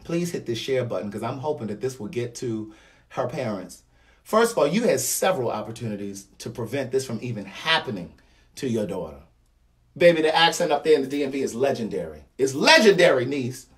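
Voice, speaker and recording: A man's voice: mid-range voice, animated, fairly quick, far from the mic. A man in his thirties with a Baltimore accent, giving a blunt, slangy commentary monologue, repeating points for emphasis. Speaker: vlogger.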